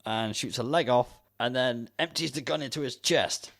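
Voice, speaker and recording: A man's voice: mid-range voice, normal speed, creaky, a bit bright. Jokey man recapping a film. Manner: jokey, laughs often, acts out lines in silly voices. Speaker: podcast co-host. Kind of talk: casual chat recapping a film.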